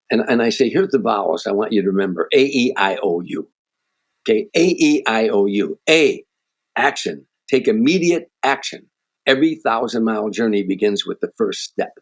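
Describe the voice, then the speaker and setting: With a fairly low, slightly rough voice, a guest comedian tells stories during a podcast interview and gives heartfelt motivational advice. He frequently breaks off and restarts what he's saying.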